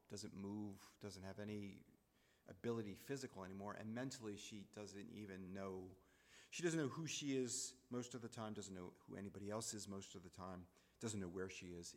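A man telling a personal story in a reflective, halting way, repeating phrases as he goes. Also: on the low side, big-room sound.

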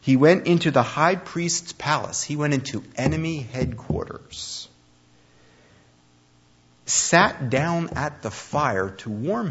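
A man preaching a conversational sermon, telling the story with animated, acted-out speech. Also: mid-range voice, husky. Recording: dull lo-fi recording.

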